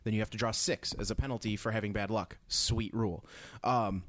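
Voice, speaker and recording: A man's voice: fairly low pitch, fairly even intonation, fairly quick, a bit bright, dry recording. A man explaining game design in a casual chat with a co-host, talking it through with frequent restarts. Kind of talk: casual chat about tabletop games.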